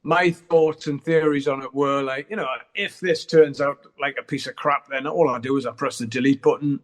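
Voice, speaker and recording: A man's voice: mid-range voice, steady tone, moderate pace. A middle-aged man, chatting candidly as an interview guest and swearing freely as he rambles. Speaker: guest musician. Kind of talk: casual interview chat.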